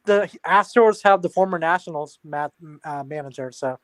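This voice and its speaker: A young man with a high voice chats eagerly with friends on a casual show. He talks in an open, keen way. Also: normal speed. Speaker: guest. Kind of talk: casual chat.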